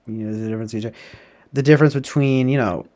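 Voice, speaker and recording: Here a livestream host chats casually about movies in a steady, slightly mellow mid-range voice at a fast clip. His talk is rambling and profane, his thoughts tagged with "like" and "right?".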